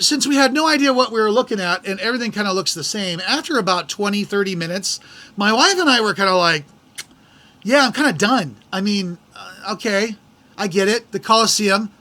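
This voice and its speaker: A middle-aged American podcast host tells his story with lively exasperation. His voice sits high for a man and rings bright and forward. He slips in quick impressions of the people he met. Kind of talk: casual storytelling.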